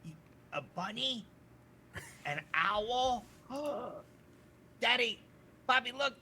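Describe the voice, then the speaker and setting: A wide-eyed little boy, high and bright, gasping with wonder at every new thing he spots, as a game master puts him on. His voice jumps well above a grown man's and sounds brimming and breathless. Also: expressive, very slow, slightly rough, heavily acted. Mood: amazed.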